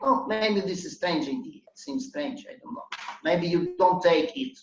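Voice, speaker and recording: A man whose first language is Russian, hosting a casual online English practice chat and often pausing to search for words. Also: high-pitched, very animated, far from the mic, slight background noise. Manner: hesitant, searching for words, many restarts. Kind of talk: casual group conversation. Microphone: video call. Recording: dull roomy video call audio.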